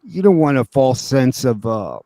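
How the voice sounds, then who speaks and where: A man hosting a podcast, chatting in a relaxed way with lots of fillers. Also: mid-range voice, unhurried, no echo. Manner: relaxed, filler-heavy talk. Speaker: podcast host. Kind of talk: casual chat.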